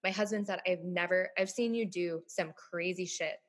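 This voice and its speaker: A woman's voice: fairly low pitch, moderate pace. A woman telling a personal story in casual conversation, with many fillers, acting out what others said. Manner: fillers, quotes others in lively voices.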